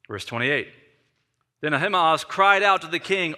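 Bright-voiced pastor telling a story. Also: male voice, sits high, moderate pace. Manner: animated storytelling, acting out the scene. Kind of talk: sermon.

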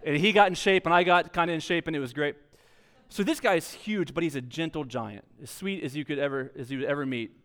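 A man's voice: fairly high pitch, fairly quick, a bit bright. A young adult man, a pastor, preaching a sermon in a conversational, storytelling way with light self-deprecating humor.

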